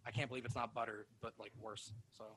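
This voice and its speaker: A man's voice: medium pitch, level tone, background noise. A man hosting a podcast in casual chat, rambling and swearing offhandedly as he talks. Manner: fast, rambling, swears casually, dips into mock accents. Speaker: podcast host.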